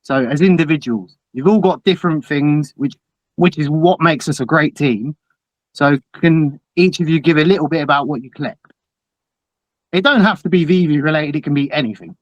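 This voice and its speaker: Male host, fairly high voice, friendly, dry close sound. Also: moderate pace, dry recording, poor audio. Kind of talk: hosting a casual panel.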